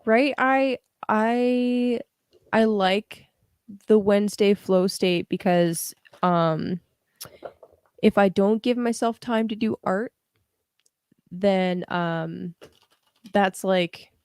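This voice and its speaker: A woman's voice: medium pitch, extremely slow, long pauses, darkish tone, clear, resonant tone. A young woman hosting a live tarot reading, chatting casually with viewers in a slangy, laughing manner. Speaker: tarot reader livestream host.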